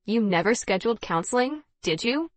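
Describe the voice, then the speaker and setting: A calm grown man at the end of his patience, as a woman storyteller puts him on. He speaks low-key, steady and firm, never raising much heat. The sound is dry, with no room around it. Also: normal speed, no echo, close to an everyday voice.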